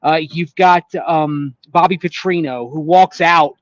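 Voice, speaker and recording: A man co-hosting a sports radio show, explaining calmly and at length. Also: a little high, unhurried, no room sound, highs cut off. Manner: calm, explanatory, with fillers and restarts. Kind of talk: measured sports talk analysis.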